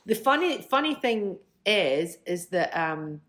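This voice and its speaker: A woman's voice: lowish voice, takes it slowly. Chatty woman in her fifties. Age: 50s. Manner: chatty, animated, laughing. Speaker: guest, musician. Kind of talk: casual storytelling.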